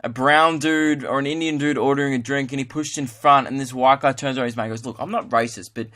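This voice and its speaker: A man's voice: medium pitch, steady tone, quick pace, bright, forceful tone. A young Australian man hosting his comedy podcast, rambling in a casual, self-mocking monologue.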